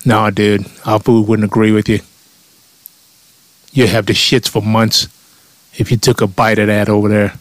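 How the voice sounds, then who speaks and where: A man's voice: on the low side, little pitch movement, moderate pace, long pauses, no room sound, close to an everyday voice. A man voicing a male Bigfoot alien who talks in a casual, profane, offhand way. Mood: dismissive. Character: stinky male Bigfoot alien, blunt and dismissive.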